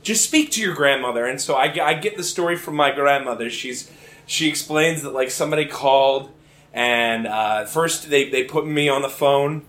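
A man's voice: mid-range voice, normal speed, fairly bright tone, echoey room. A young man from Virginia doing stand-up, telling a story in a rambling way with many restarts and laughing at his own jokes. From Richmond, Virginia. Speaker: stand-up comedian. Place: live comedy venue.

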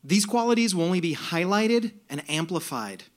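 A man's voice: high voice, animated, moderate pace. A man telling a comic story on a live stage, sardonic, with bursts of mock outrage. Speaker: storyteller performer. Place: stage before a laughing audience.

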